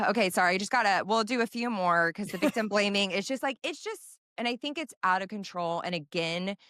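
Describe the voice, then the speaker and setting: A woman's voice: medium pitch, expressive, brisk, fairly bright tone, dry recording, clean studio sound. A woman co-hosting a podcast who recounts what was said and adds blunt, sometimes profane commentary. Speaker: podcast co-host. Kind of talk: casual podcast chat.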